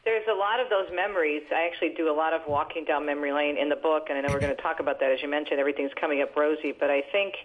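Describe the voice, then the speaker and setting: A woman in her sixties, a radio host and author, telling lively family stories as a guest on the phone. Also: low voice, rapid-fire, hardly any pauses. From New Jersey, US. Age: 60s. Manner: lively, animated storyteller with laughs. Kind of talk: phone-in interview, storytelling. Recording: tinny phone line.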